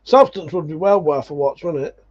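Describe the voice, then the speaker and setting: A man's voice: a little high, lively intonation, normal speed, dull audio. A man hosting a livestream, chatting casually and reading out viewer comments, swearing freely and calling people mate. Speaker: livestream host.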